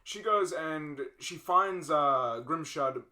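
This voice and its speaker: A man's voice: fairly high pitch, slow pace, bright, forceful tone. A young man co-hosting a podcast, casually retelling film scenes in a rambling way with many fillers and restarts. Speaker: podcast co-host.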